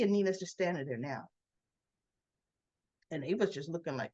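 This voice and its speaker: A woman's voice: deep voice, lively intonation, normal speed, pauses often, warm tone, breathy edge, highs cut off. A woman vlogger giving a casual recap of a soap opera episode, telling it as a story and acting out the characters' lines.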